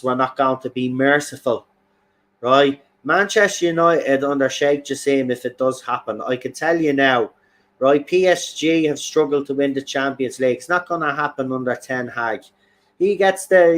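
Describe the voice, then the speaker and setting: Hosting a football fan channel, a young man delivers excited commentary with emphatic passion, repeating himself for effect. His voice is mid-range with a fairly bright tone.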